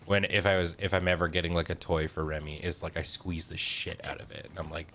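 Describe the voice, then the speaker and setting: Man, low voice, casual game-stream chat, retells stories with voices, laughs a lot. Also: level tone, quick pace, a bit bright, slight background noise. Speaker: streamer co-host playing a horror game.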